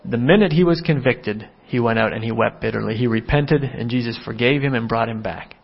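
A man's voice: brisk, creaky, husky. An earnest male preacher delivering a sermon, his voice sitting in an ordinary middle register. He leans into quoted lines, raising his voice to act them out. The recording is somewhat dull and lo-fi. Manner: earnest, acts out quoted dialogue with rising pitch.

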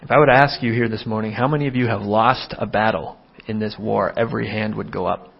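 A man's voice: fairly even intonation, brisk, creaky, husky, lo-fi sound. A man preaching an earnest sermon, voicing quoted dialogue with a lifted, more urgent tone. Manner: earnest, acts out quoted dialogue with rising pitch.

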